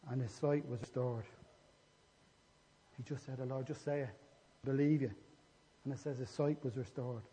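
A man's voice: a little high, darkish tone. A man preaching a sermon, retelling scripture stories and acting out the dialogue. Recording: echoey hall, dull lo-fi sound.

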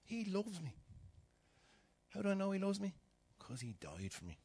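Preacher guy, husky, acts out the stories, goes quiet and whispery then loud again. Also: sits high, fast. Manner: animated storytelling, acting out voices, dropping to whispers. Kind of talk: sermon.

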